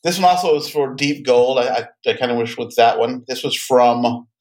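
Male co-host, mid pitch, dry ribbing, easygoing chat. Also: moderate pace, a little mellow. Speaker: podcast co-host and author. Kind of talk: casual chat.

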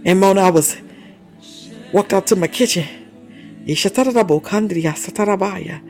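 Man preacher, high voice, fervent sermon with laughter and tongues, light music under. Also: normal speed, darkish tone. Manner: exhorting, laughing, breaking into tongues. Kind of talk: fiery sermon.

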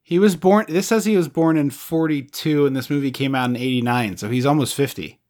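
A man co-hosting a casual podcast chat, animated, often restarting and laughing between thoughts. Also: medium pitch, fairly quick. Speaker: podcast co-host.

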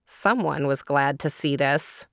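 Slow, gentle woman reading a children's story. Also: low voice, creaky, dry recording, clean studio sound. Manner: slow, gentle, asks listeners questions.

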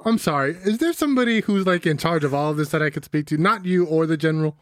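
Man as a higher-voiced, patient straight man diplomat. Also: lively intonation, fast, no echo, close to an everyday voice. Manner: patient, incredulous. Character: earnest young male diplomat, straight man. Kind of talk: improv comedy scene.

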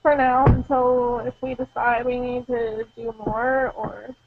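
A young woman co-hosting a casual gaming podcast, giggly and animated. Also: a little high, a little slow, phone-quality sound, crowd noise. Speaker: podcast co-host. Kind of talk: casual chat.

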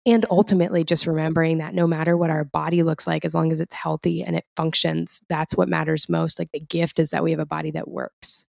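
A woman's voice: low-pitched, level tone, brisk, creaky, hardly any pauses, no echo, clean studio sound. A woman co-hosting a podcast, talking candidly and reflectively in a casual chat. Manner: reflective, candid, soft-spoken. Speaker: podcast co-host.

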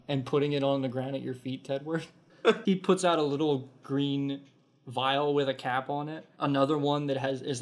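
A man at a medium pitch runs a tabletop game as its game master. He narrates the scene with frequent ums and small restarts. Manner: hesitant with many ums, voices the kobolds.

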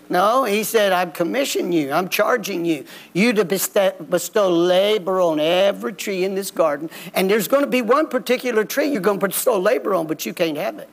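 A man's voice: high-pitched, expressive, normal speed, creaky, a bit bright. A man preaching a folksy, plain-spoken sermon in a church. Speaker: pastor. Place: church sanctuary.

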